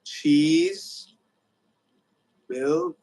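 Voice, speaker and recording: A man's voice: extremely slow, dark tone, low-quality recording. A young man hosting a livestream, rambling loosely in casual chat with lots of fillers. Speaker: livestream host.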